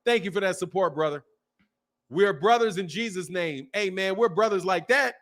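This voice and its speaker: Man, high voice, boxing livestream host, casual slang, laughing, animated. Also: moderate pace. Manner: animated, laughs often, drawls slang, mimics others. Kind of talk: livestream commentary, reading super chats.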